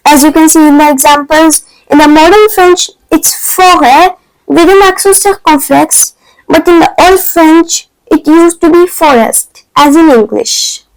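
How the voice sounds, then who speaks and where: A woman teaching a beginner language lesson, explaining step by step and slowly repeating each example word for practice. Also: sits high, a little mellow, dry recording, low-quality recording. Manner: slow, deliberate, repeats example words for practice. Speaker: French teacher. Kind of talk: scripted lesson narration.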